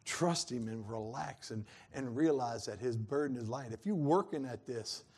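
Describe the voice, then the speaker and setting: A man's voice: mid-range voice, expressive, normal speed, a little mellow, husky. A man preaching a sermon in a folksy, earnest way that swells into fervent peaks.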